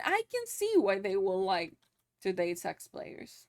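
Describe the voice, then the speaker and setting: A woman's voice: medium pitch, lively intonation, a little slow. A young woman streaming live, chatting loosely with her viewers, laughing often and swearing casually.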